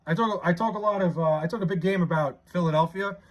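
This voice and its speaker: A young man with a high-pitched voice talks quickly on his live stream. He chats casually and reads viewer comments, excitable and stammering, often restarting.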